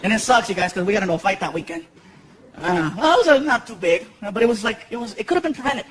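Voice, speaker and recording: A man in his thirties telling stand-up stories on a live stage, animated and full of character voices. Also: high voice, fast. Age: 30s. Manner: animated, lots of character voices and shouted punchlines. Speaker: stand-up comedian. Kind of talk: stand-up comedy storytelling. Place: large theater stage. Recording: noisy live venue, echoey hall with loud crowd. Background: audience laughter and crowd noise.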